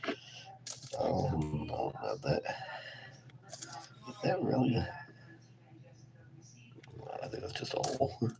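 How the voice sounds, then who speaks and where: Male vlogger, very deep gravelly voice, mumbled half-whispers, slow and unhurried, getting over a cold, noisy home recording. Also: huge pitch swings. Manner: mumbling, half-whispered, talking to himself while sorting coins. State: recovering from a cold. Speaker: coin-roll hunting vlogger. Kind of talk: casual live-stream commentary. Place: home room with sleeping kids.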